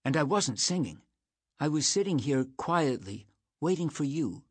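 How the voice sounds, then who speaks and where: A man's voice: on the high side, expressive, unhurried, husky, dry recording, pitched above the performer's own voice. A man voicing a sick sixteen-year-old girl who teases and coaxes a boy. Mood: earnest. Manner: playful, coaxing.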